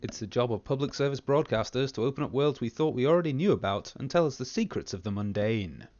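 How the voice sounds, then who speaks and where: A man hosting a comedy panel podcast, reading scripted links in a wry, deadpan way. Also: mid-range voice, quick pace, dull audio. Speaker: host.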